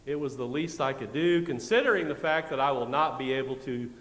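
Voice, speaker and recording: A man's voice: mid-range voice, a little fast, a bit bright. A middle-aged man with a Midwestern American accent, preaching a sermon in a conversational, wry way, with asides to the congregation. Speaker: pastor. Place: church sanctuary. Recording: echoey church with long reverb.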